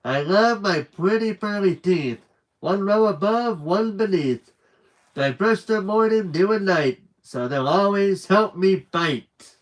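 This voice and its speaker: A man voicing a scared, jumpy cartoon rabbit in a storybook reading, with squeaky, excited exclamations. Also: takes it slowly. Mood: reciting.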